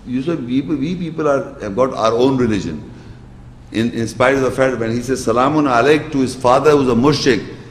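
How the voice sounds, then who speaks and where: A man lectures earnestly in a mid-pitched voice, reciting verses and then explaining them. His voice swells for emphasis. The sound rings through a large echoey hall with a long reverb tail. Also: slight background noise. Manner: earnest, recites Quranic Arabic then translates, rises in pitch and loudness for emphasis. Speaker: Islamic lecturer. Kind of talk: religious lecture.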